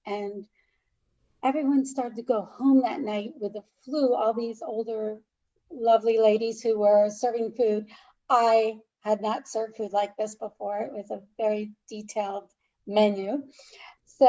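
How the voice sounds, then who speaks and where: A middle-aged woman from upstate New York recounts her past as an interview guest. Her voice is mellow and a bit higher than most, and she tells it in an animated way, often laughing. The sound is slightly dull and lo-fi. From Albany, New York. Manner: animated storyteller, laughs often, acts out dialogue. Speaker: makeup artist, podcast guest. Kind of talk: storytelling interview.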